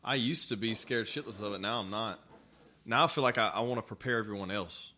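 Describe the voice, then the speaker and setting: A man's voice: lowish voice, brisk, bright, forceful tone. A man in casual podcast chat who speaks bluntly and swears freely. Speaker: podcast co-host.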